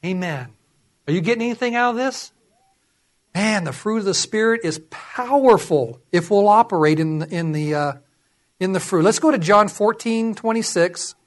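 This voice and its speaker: High-voiced male preacher. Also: normal speed. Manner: animated, acts out voices. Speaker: pastor. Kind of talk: sermon.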